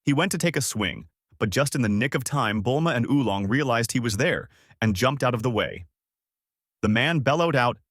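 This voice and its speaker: A man narrating a fan story and voicing all of its characters in an animated way. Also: mid-range voice, normal speed, no room sound, studio quality. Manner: animated, jumps between character voices.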